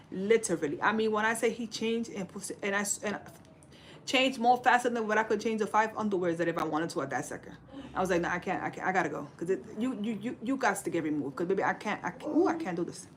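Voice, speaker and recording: 40s woman, sassy streamer type, calls everyone baby, mid pitch, slight noise behind. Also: fast talker. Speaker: livestream host. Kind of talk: casual relationship advice to live viewers.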